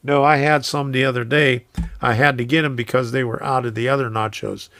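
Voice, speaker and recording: Gravelly guy chatting slow on a live stream from his train room, chuckles a lot, dry close sound. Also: mid-range voice, fairly even intonation, a bit bright, no room sound. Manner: rambling, chuckles often, reads chat aloud. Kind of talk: casual live-stream chat.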